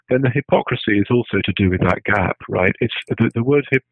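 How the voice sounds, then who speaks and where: In a lecture-style talk, a man with a fairly low voice thinks aloud, restarting often and ending his points with "right?" The recording is dry and tinny, like a phone.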